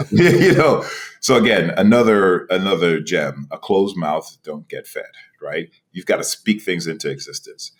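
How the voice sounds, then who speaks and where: Speaking slightly slowly in a low voice, a forties-aged executive director from New York tells his career story as a podcast guest. The interview is anecdotal, and his delivery is lively, with frequent laughter, many restarts, and a habitual rhetorical "right?".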